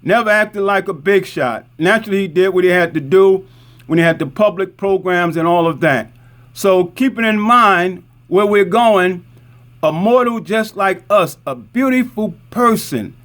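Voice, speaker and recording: A man's voice: high-pitched, normal speed, fairly bright tone. A middle-aged man from Newark, an imam telling a community story in a conversational way, repeating points and checking in with "right?". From Newark, New Jersey. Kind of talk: community talk with show-and-tell.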